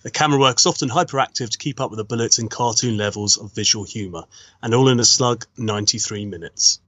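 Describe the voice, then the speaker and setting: A man's voice: medium pitch, fast talker, a bit bright, no room sound, highs cut off. A man co-hosting a casual film podcast, reading reviews aloud in an easygoing, hesitant way.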